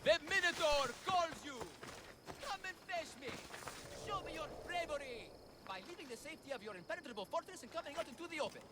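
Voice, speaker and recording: A man's voice: extremely high pitch, animated, a little fast, very noisy. An actor playing a bumbling, boastful father in a bull costume, theatrical and comic. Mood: taunting. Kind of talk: game cutscene acting. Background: game score music.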